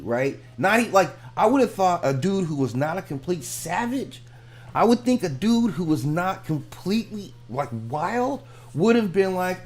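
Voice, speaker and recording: A man's voice: sits high, animated, moderate pace. A man hosting a reaction video, giving frank, rambling commentary and repeating himself as he makes his points. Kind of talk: casual commentary.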